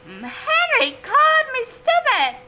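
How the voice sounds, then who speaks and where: A woman's voice: on the high side, very animated, takes it slowly, noisy background. A woman reading aloud and voicing a prim goody-goody little boy who shrieks and tattles. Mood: shrieking.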